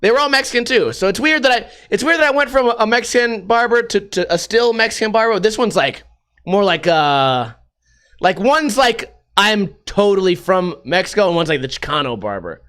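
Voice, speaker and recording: High-pitched man ranting sarcastically. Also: lively intonation, brisk, a bit bright. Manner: sarcastic, profane, rambling. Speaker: podcast host. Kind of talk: casual ranting monologue.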